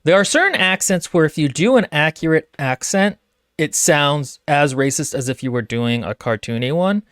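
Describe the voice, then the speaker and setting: A man's voice: on the high side, expressive, moderate pace, fairly bright tone, clear, resonant tone, no echo, studio quality. A man co-hosting a book podcast in casual chat, wry and joking, rambling with fillers. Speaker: podcast co-host.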